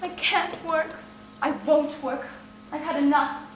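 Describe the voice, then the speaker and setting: A woman's voice: sits high, steady tone, slow, noisy background. A young actress in her twenties playing a despairing, overwrought young woman in a live stage play, heard from afar. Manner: emotional, pleading, breaking into outbursts. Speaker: stage actor. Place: theatre stage. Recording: roomy stage sound from far off.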